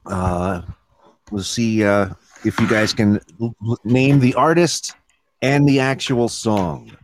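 A man hosting a podcast, running a casual chat in a relaxed, laid-back way. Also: fairly low pitch, takes it slowly. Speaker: podcast host.

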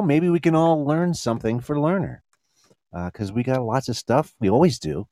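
A man's voice: medium pitch, sing-song, moderate pace, dark tone, rough recording. A man hosting a casual live podcast, rambling with many restarts and easy laughter. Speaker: podcast host. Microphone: handheld mic.

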